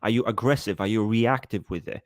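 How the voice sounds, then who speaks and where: A man's voice: lowish voice, brisk, dry recording, studio quality. A man hosting a casual livestream, greeting viewers by name and joking around with a lot of swearing. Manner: profane, joking, reads out viewer names. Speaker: livestream host.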